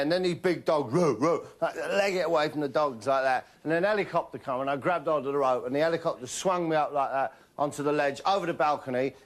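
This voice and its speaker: A man hosting a comedy show, delivering a rambling deadpan monologue and keeping tagging his lines with "right?". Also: on the high side.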